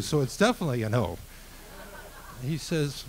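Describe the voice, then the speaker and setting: A man telling a true story on stage, animated and acting out the dialogue. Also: fairly high pitch, moderate pace, slight background noise, poor audio. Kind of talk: live storytelling. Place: live venue stage.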